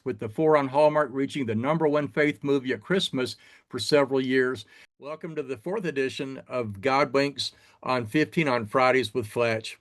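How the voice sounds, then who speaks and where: A man hosting an interview show, introducing his guests in a measured way. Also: medium pitch. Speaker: host.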